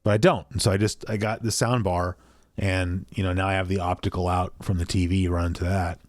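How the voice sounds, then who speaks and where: A man's voice: low-pitched, flat delivery, a little fast, no room sound. A man co-hosting a podcast from his small home basement, chatting casually in a rambling, self-deprecating way, apparently over a video call. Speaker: podcast co-host. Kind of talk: casual chat.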